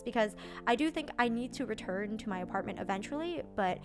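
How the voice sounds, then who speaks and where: A young woman streamer telling a story casually, animated, with lots of "like" and some swearing. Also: on the high side, a little fast.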